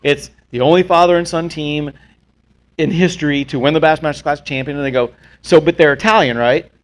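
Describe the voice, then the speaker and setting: A man with a somewhat high voice hosts a relaxed talk show. He tells jokey, rambling stories full of quick asides. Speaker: podcast host. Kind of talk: casual chat.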